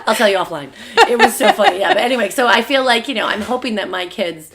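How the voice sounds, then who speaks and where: Fast-talking woman in casual podcast chat. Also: mid-range voice, animated, fairly bright tone, slight background noise. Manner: chatty, lots of fillers, laughs while telling stories. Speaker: podcast co-host.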